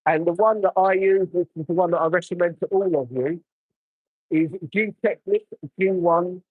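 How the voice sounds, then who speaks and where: A man with a slightly high voice chats easily while he works on a car, answering viewer comments as he goes. The sound is dry and close, picked up on a phone outdoors. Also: moderate pace, husky, no echo, phone-quality sound. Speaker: car detailer livestreaming. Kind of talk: casual live chat while working.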